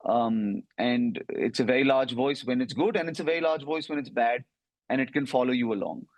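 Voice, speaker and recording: A man speaks as a comedian guest in an interview, answering in a loose, reflective way with the odd "uh" and "you know." His voice sits at an ordinary middle pitch. The recording is close and dry, with no room sound. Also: a little fast, no room sound, rough recording. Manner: conversational, reflective, uses fillers.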